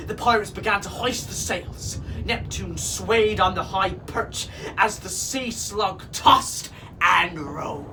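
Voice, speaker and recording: Man reading a children's story aloud, slow, bright voice, distant mic, faint background hiss. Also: high voice. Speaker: children's show performer as pirate king.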